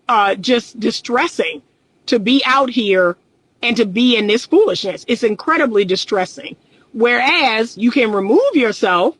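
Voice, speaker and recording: A woman's voice: fairly high pitch, fairly bright tone, dry recording, low-quality recording. A middle-aged woman and relationship coach, talking candidly and emphatically in a casual livestream, repeating her points and often laughing.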